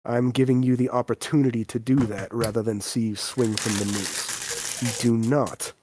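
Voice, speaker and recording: A man voicing a stern, disdainful elven king and father, speaking low, quiet and deadpan. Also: normal speed, background noise, close to an everyday voice. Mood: cold disdain.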